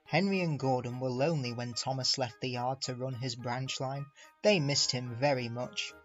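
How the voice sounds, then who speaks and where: A man reads a children's storybook aloud in an expressive storytelling manner, now and then speaking straight to the listener. His voice sits at a middling pitch, with faint music playing beneath the narration. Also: moderate pace, lo-fi sound. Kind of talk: storybook reading.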